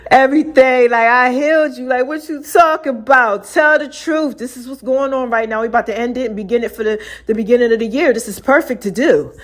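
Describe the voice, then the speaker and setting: A woman's voice: on the high side, a little fast, hardly any pauses. A woman hosting her own podcast, talking loosely in slang, laughing often and acting out voices as she tells stories. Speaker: podcast host. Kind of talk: casual solo podcast monologue.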